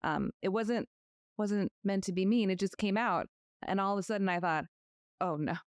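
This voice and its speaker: A woman's voice: mid-range voice, normal speed, smooth, no echo, studio quality. A woman hosting a podcast interview, telling stories in a friendly way and laughing easily. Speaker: podcast host, lawyer. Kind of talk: conversational interview.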